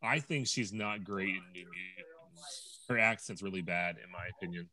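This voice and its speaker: A man's voice: deep voice, normal speed, pushed and bright, rough recording. A man hosting a podcast, chatting casually and teasing his co-hosts wryly. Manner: teasing, wry. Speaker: podcast host. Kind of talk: casual chat.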